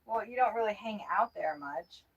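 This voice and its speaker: A woman's voice: mid-range voice, lively intonation, normal speed, breathy edge, dry recording, dull audio. A woman chatting casually on a livestream, joking around and laughing often. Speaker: livestream host.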